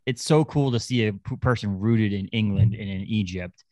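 A man co-hosting a podcast in casual chat, rambling and animated, often restarting his sentences. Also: on the low side, normal speed, no echo. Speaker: podcast co-host.

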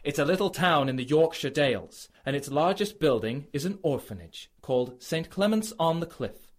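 A man playing a calm, self-assured amateur detective in a comedy radio drama, explaining his deductions. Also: a little high, normal speed. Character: smug amateur sleuth man.

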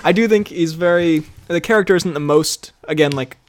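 Brief: young male podcast co-host, slightly higher voice, animated, quick to laugh and mock-outraged. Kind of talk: casual chat.

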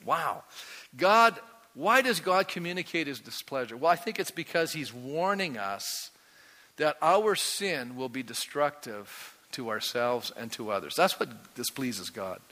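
A male pastor preaching a sermon to his congregation, animated and constantly asking them questions. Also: mid-range voice, unhurried. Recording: long hall reverb.

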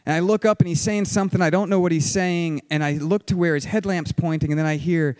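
A young man telling a dramatic personal story, vivid and excited, acting out shouted quotes. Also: a little high, fast, clear, resonant tone, no room sound. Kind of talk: personal story told to an audience.

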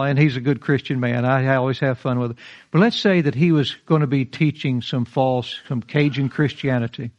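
A man, preaching in a church with folksy, emphatic delivery. His voice sits a little high, and the recording sounds dull and lo-fi. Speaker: pastor. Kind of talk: verse-by-verse sermon. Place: church sanctuary.

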